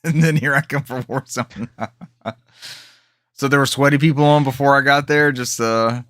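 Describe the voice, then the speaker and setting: A man co-hosting a live gaming podcast, telling stories in a casual, animated way and acting out quotes. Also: mid-range voice, normal speed, no echo, studio quality. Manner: animated storyteller, acts out quotes. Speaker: podcast co-host. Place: home setup on live stream.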